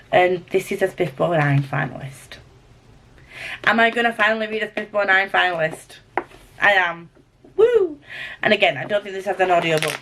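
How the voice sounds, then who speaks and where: Young Scottish woman, book vlogger, chatty and easily excited, mid-range voice. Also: medium pitch, a little hiss or hum. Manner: chatty, excitable, rambling with gasps and exclamations. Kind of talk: casual chat to camera.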